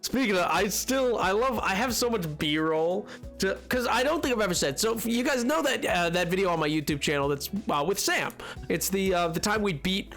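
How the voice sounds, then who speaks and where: A man's voice: sits high, lively intonation, moderate pace, a bit bright, soft background music. A young man streaming a game, chatting casually in a rambling, self-mocking way and laughing often. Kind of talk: casual gaming stream chat.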